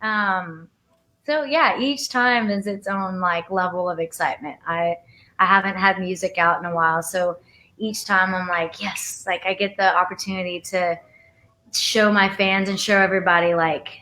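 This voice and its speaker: A woman in her twenties, a singer, chatting casually on a video call, soft-spoken and rambling with many fillers. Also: lowish voice, steady tone, moderate pace. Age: 20s. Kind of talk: casual live-stream chat.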